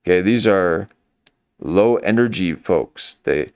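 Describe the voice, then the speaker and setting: A man's voice: on the low side, expressive, unhurried, darkish tone, clean tone, dry recording, studio quality. A man giving rambling, mocking live-stream commentary into a desk microphone. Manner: mocking, meandering, full of restarts.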